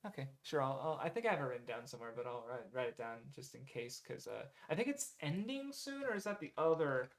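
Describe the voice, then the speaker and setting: A man's voice: mid-range voice, animated, quick pace, hardly any pauses. A man talking casually to viewers, rambling with lots of "um" and "like", correcting himself mid-sentence and swearing now and then. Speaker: streamer reading viewer recommendations.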